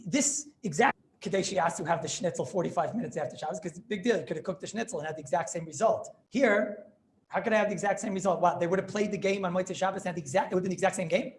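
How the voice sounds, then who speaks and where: A man, a rabbi, giving an informal class in a chatty, animated way, often checking whether his students understand. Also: high-pitched.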